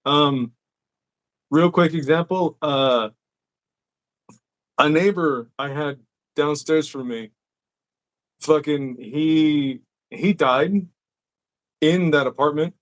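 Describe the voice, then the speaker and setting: Male podcast host, slightly high voice, loose and profane storytelling. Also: slow pace, pauses often. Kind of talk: casual chat.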